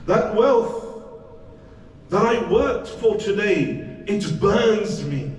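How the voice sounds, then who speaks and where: A man preaching a sermon, voicing a dead man who pleads and laments from his grave in high, anguished cries. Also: lively intonation, extremely slow, a little mellow, full character voice. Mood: lamenting. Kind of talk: sermon storytelling. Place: hussainia prayer hall. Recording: echoey hall, distant mic, faint noise.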